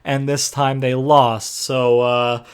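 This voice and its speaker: A man's voice: medium pitch, level tone, slow, clear, resonant tone. A young man casually recapping a wrestling game session, rambling with lots of fillers and the odd swear word. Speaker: gaming video host.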